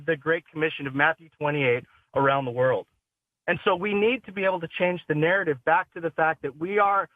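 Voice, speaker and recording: High-voiced man preaching over a phone line. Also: no echo. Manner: emphatic, preachy lecturing. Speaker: caller. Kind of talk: phoned-in talk radio call.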